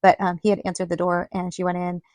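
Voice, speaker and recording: A woman's voice: fairly low pitch, completely flat delivery, fast, darkish tone, no room sound. A woman hosting a podcast, telling a personal story in a chatty way, full of "like" and quoted dialogue. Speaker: podcast host. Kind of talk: casual storytelling monologue.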